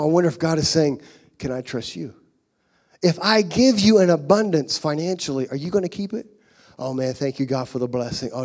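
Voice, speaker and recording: A middle-aged male pastor preaching a sermon in a church, moving from quiet, intimate passages to loud, fervent shouting. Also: fairly high pitch, slightly rough. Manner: swings from hushed to shouting with rising fervor. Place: church sanctuary.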